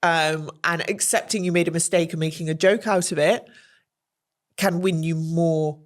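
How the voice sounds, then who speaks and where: A woman speaking as a podcast guest, candid and animated, telling anecdotes and acting out quoted voices with gasps. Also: lowish voice, moderate pace. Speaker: guest, journalist and presenter.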